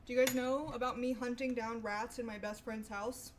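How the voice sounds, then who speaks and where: A woman's voice: fairly high pitch, steady tone, moderate pace, slight background noise. A young woman chatting casually with her stream viewers, rambling and swearing freely. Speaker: livestreamer.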